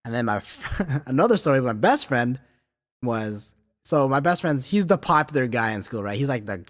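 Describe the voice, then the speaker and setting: Recorded with a big-room sound, a man in his thirties hosts a podcast at a moderate pace, his voice medium-pitched. His casual storytelling is profane and animated, packed with filler words and laughter.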